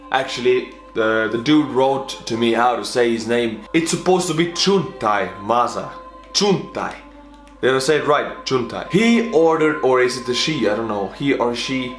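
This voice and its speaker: A man with an Estonian accent hosting a reaction video, talking bluntly and joking, with sudden excited shouts. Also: medium pitch, a little slow, reverberant, faint music behind. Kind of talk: casual reaction commentary.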